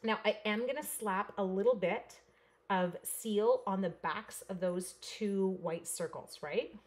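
A woman's voice: mid-range voice, measured pace, a little mellow. A woman from Canada who chats playfully with viewers while she demonstrates a paper craft project step by step. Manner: chatty, playful, talks straight to viewers. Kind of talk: live crafting demo chat.

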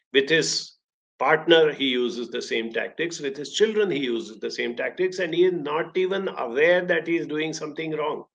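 A man's voice: medium pitch, gravelly, fairly bright tone. A man, hosting a motivational talk in an emphatic, storytelling way. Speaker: speaker, talk host.

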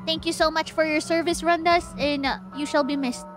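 A young woman streaming a game, swinging between mock-solemn eulogies and loud panic. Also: sits high, steady tone, a little fast. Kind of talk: live game stream commentary. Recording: game music playing behind.

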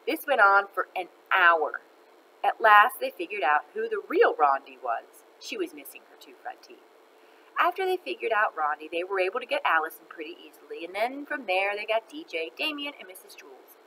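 A woman reading a children's book aloud in an expressive, animated way. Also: medium pitch, moderate pace, a little hiss or hum, rough recording. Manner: expressive, animated, laughs between lines. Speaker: storyteller.

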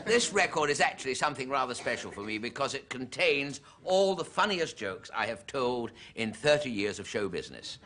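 A man's voice: mid-range voice, very animated, normal speed, few pauses. A man doing a jokey, self-mocking stand-up monologue. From Britain. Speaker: comedian. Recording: loud audience noise throughout. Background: studio audience laughter.

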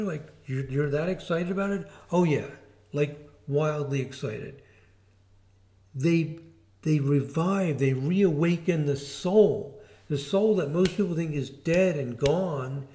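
A man giving an informal video lesson as an astrology teacher, explaining in a relaxed way with fillers and restarts. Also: on the high side.

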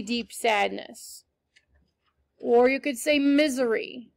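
Woman teacher reading to kids, high voice w some fry, encouraging, asks lots of questions. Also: no room sound. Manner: encouraging, questioning, slow emphasis. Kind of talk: read-aloud story with teaching asides.

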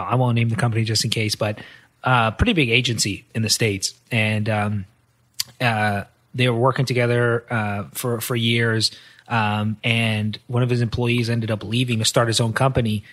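A man hosting a podcast, telling stories in a relaxed, easygoing way. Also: mid-range voice, moderate pace. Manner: relaxed, laughs easily, lots of fillers. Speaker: podcast host. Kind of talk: casual chat.

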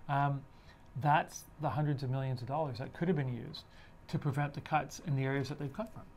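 A man co-hosting a casual discussion podcast, talking in halting runs full of restarts as he builds a point. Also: mid-range voice, fairly even intonation, darkish tone, slight background noise. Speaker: podcast co-host.

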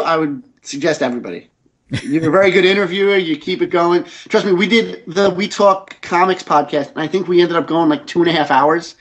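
A man's voice: on the high side, fairly bright tone, dull audio. A man who creates comic books, chatting as a podcast guest, rambling and enthusiastic, with many restarts. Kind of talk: casual interview chat.

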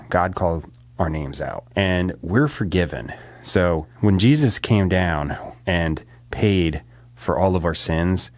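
A man with a very deep voice talks casually into a studio microphone, rambling and laughing often. His throat is still a little rough from a recent illness. The sound is dry and close, with no room echo. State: recovering from a sore throat. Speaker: singer-songwriter. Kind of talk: casual vlog chat. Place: home recording studio.

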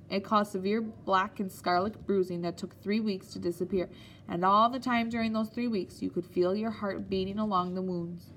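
A woman narrating an audiobook in a steady, measured storytelling manner. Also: medium pitch, a little hiss or hum.

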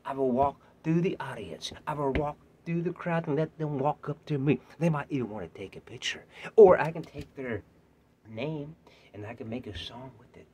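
A man recording his own audition pitch, theatrical and playful, rhyming and joking, swinging from shouts down to whispers. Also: moderate pace, husky. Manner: rhyming, playful, self-mocking. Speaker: actor auditioning. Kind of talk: self-tape audition pitch.

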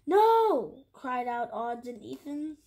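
A woman reading a picture book aloud in a careful, halting way. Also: high-pitched. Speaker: storybook reader.

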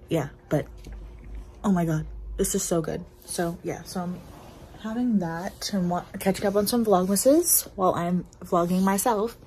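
A young woman in her twenties vlogs casually at home, indoors, her voice on the low side with a darkish tone. She's bubbly and rambling, full of fillers, and the poor audio carries slight background noise.

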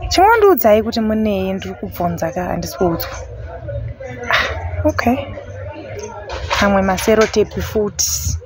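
A young woman with a Zimbabwean accent narrating her own vlog, excitable and switching between Shona and English. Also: medium pitch, moderate pace, long pauses, background noise. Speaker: vlogger.

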